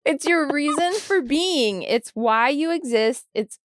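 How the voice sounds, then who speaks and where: A woman attorney co-hosting a chatty podcast, her voice slightly on the high side and recorded close and dry. She is snarky and ranty, running a little tired. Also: animated, slow pace, no room sound. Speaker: nonprofit attorney and co-host. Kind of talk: casual podcast chat.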